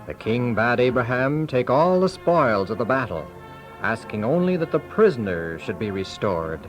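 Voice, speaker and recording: Male narrator, lively and dramatic, with clear music underneath. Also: mid-range voice. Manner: measured, dramatic. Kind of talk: scripted narration.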